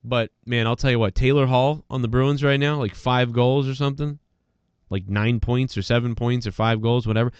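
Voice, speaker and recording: A man's voice: medium pitch, steady tone, moderate pace, smooth, dry recording, dull audio. A man hosting a podcast, talking in a casual, rambling and profane way while congested from allergies. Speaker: podcast host. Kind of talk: casual solo rant.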